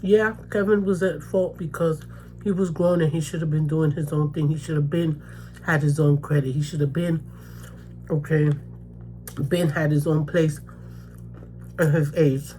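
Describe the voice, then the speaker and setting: A woman's voice: low voice, fairly even intonation, normal speed, pauses often, mellow, a little hiss or hum. A woman from the Bronx, telling a personal story to camera in casual vlog talk, emphatic and repetitive, checking in with "okay?" and "you know what I mean?". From the Bronx, New York. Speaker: mukbang vlogger.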